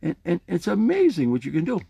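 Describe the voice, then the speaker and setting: Male podcast host, husky and mellow, playful and animated in casual motivational talk. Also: high-pitched, quick pace, highs cut off. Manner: animated, playful, demonstrating a jaw harp.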